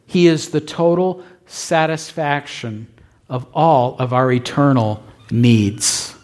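A male pastor preaching a sermon with emphatic repetition, often checking in with his listeners. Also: a little high. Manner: emphatic, asks the congregation "right?".

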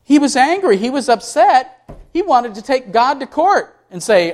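A man's voice: very animated, moderate pace. Preacher man, rhetorical questions. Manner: asks the congregation questions, answers them himself; swings high and loud for emphasis. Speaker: pastor. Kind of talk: sermon.

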